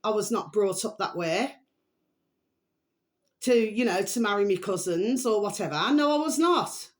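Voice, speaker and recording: A woman's voice: mid-range voice, unhurried. Middle-aged woman, vlog host, rambling, emphatic opinion chat. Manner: rambling, chatty, repeats pet phrases, emphatic. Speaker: vlogger host. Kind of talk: casual opinion monologue to camera.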